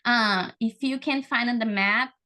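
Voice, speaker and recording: A woman's voice: on the high side, unhurried, sharp tone. A woman from Brazil, leading an online language lesson with call-and-repeat drills in an upbeat, encouraging, chatty way over a video call. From Brazil, Amazonas. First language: Portuguese. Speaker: language and culture trainer.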